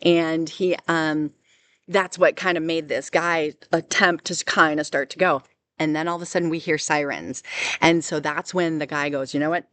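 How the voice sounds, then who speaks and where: A woman recounting a personal experience as an unscripted testimony, halting and full of restarts. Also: low voice, fairly even intonation, a bit bright. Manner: halting, with many restarts and fillers. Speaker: survivor telling her story. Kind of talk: personal testimony, casual storytelling.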